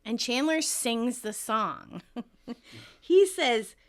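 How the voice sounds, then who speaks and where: A woman's voice: on the high side, lively intonation, very slow. A woman co-hosting a podcast in casual recap chat, laughing often and acting out quoted lines. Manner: giggly, acts out quoted lines. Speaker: podcast co-host.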